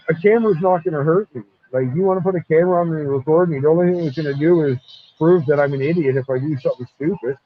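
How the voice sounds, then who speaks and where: Brief: man, guest on a voice chat, rambling and profane, slightly higher voice, dull lo-fi audio. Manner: rambling, profane, animated retelling. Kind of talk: casual storytelling chat. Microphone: online voice chat.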